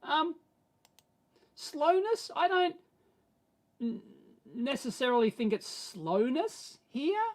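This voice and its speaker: An Australian man hosting a live stream, answering viewer questions in a rambling, animated way that swings between mumbled asides and excited bursts. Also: extremely high pitch, slow pace, long pauses. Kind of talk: casual live-stream chat.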